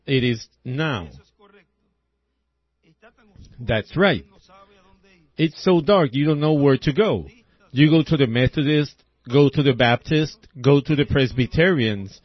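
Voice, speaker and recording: A man's voice: a little high, no echo. A middle-aged man preaching a sermon in a folksy, rhythmic way, often tagging his points with "see?". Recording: dull lo-fi old recording.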